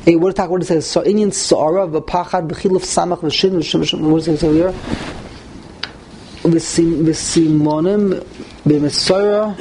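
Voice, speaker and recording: A man's voice: high voice, a little mellow, a little hiss or hum, rough recording. A man teaching a text-study class, reading passages aloud and translating them as he thinks aloud. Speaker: Torah teacher.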